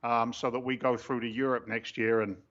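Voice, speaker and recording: A man's voice: medium pitch, flat delivery, a little fast, fairly bright tone. A man co-hosting a casual chat show, telling stories with jokes and bits of British slang. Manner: joking storyteller, British slang. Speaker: co-host. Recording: dull, tinny mic.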